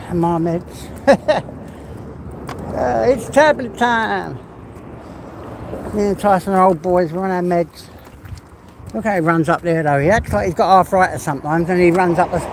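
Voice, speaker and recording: A man with an East London accent, chatting casually and rambling while he walks his dog on a busy street. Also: high-pitched. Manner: rambling, chatty, mild swearing. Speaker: vlogger. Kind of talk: casual live chat while walking a dog. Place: outdoors on an urban street with traffic. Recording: outdoor street noise and traffic.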